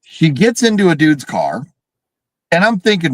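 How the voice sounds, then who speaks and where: A man chatting on a horror movie livestream, voice sitting a bit high and swinging wildly up and down. He swears freely and launches into shrieking impressions of characters. The sound is dry, with no room around it. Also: a little slow, no room sound, low-quality recording. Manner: animated, swearing, mimics characters with big shrieks. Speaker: podcast co-host reviewing horror films. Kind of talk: casual livestream chat.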